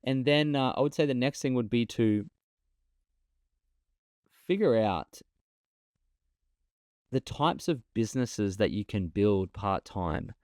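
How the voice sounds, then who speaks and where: A man talking as a podcast guest over a remote call, an animated storyteller who often repeats himself. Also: mid-range voice, slow pace, pauses often, no echo. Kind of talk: casual interview talk.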